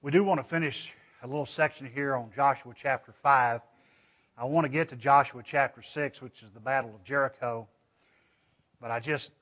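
A man's voice: mid-range voice, a bit bright, dull audio. A man preaching a Bible study in a folksy, conversational way, reading scripture aloud with his own asides. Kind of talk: sermon.

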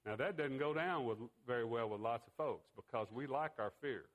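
A man delivers a sermon. He tells a fishing tale with pauses and a few fillers, then draws a lesson from it. His voice sits at an ordinary pitch for a man. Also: lively intonation, poor audio. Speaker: preacher.

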